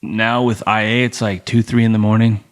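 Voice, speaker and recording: A man's voice: on the low side, moderate pace. A middle-aged man, a former soldier and police officer, telling stories in casual talk, acting out other people's voices and swearing freely. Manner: animated storyteller, acts out voices in quotes, heavy swearing. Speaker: podcast guest, former Navy SEAL and police officer. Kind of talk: casual storytelling.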